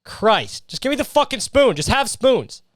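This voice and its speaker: A man's voice: extremely high pitch, very animated, normal speed, no echo, studio quality. A young man hosting a solo comedy podcast, ranting profanely and acting out voices while sweating in a heatwave. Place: his hot bedroom.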